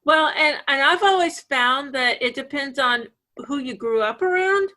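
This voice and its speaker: A woman from the American South hosts a relaxed group chat over a video call. Her voice sits high and bright. She tells stories in a chatty, animated way. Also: moderate pace, poor audio. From Savannah, Georgia, USA. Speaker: host.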